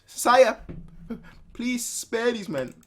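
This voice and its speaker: A man doing a high, pleading young woman. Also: sing-song, drawn-out words, fairly bright tone, exaggerated voice. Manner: pleading, coy.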